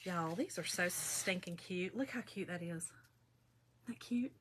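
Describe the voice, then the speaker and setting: A woman's voice: lowish voice, unhurried, a bit bright, slight background noise. A middle-aged woman, chatting and telling stories to viewers while crafting. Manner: chatty, gossipy storytelling, addresses viewers. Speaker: craft video host. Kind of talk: casual chat while crafting.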